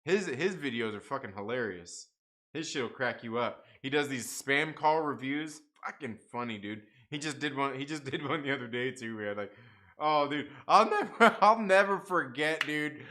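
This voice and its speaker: A man's voice: mid-range voice, normal speed, sharp tone. A young man hosting a live comics stream, chatting casually, reading the chat aloud, swearing and laughing often.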